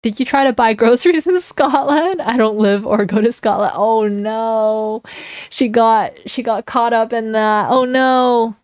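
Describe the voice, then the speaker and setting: A woman's voice: fairly high pitch, steady tone, measured pace, darkish tone, no echo, clean studio sound. Chatty, giggly young woman streamer. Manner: chatty and giggly, reads chat aloud and reacts. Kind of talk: casual live-stream chat.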